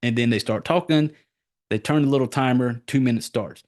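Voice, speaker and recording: Rambling, profane man on a podcast. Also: brisk. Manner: rambling, profane, animated retelling with sudden high-pitched jumps. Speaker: podcast host reviewing a horror film. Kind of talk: casual podcast chat.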